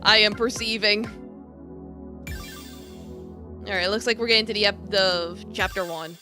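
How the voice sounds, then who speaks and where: A woman's voice: mid-range voice, huge pitch swings, takes it slowly, over music. A young woman streaming a game, chatting casually and thinking aloud in a bemused way. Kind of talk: casual gameplay commentary.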